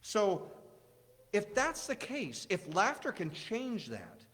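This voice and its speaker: Man, preacher, sermon, chatty, rather high voice, long church reverb. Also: huge pitch swings, takes it slowly, fairly bright tone. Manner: conversational, asks the congregation questions.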